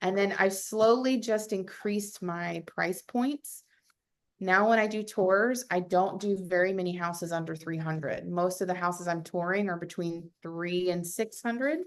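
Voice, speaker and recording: A woman's voice: fairly low pitch, unhurried. Chatty woman giving advice on a video call. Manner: chatty, animated, acts out quotes with lots of fillers. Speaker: realtor panelist.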